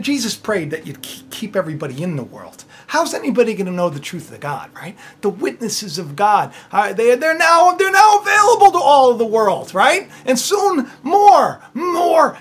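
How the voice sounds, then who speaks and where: A man hosting his own channel, talking in a rambling, animated way and often tagging his points with "right?". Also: high-pitched. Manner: animated and rambling, tag questions. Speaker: channel host. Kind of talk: casual spiritual vlog talk.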